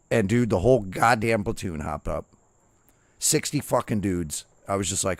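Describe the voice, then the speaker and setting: A man's voice: lowish voice, moderate pace, gravelly, no echo. Profane man telling boot camp stories. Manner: profane, animated anecdotes with quoted dialogue. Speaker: streamer. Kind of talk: casual storytelling while gaming.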